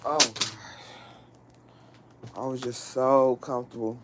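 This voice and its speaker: Slow-talking woman chatting on a livestream. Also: extremely low pitch, a little hiss or hum, poor audio. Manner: animated storytelling with frequent laughter. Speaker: livestream host. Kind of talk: casual livestream chat.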